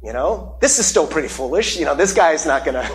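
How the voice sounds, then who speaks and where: Young male pastor, high and lively delivery, earnest and emotional sermon voice. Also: quick pace, crowd noise. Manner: earnest, emotional, with frequent "right?" asides.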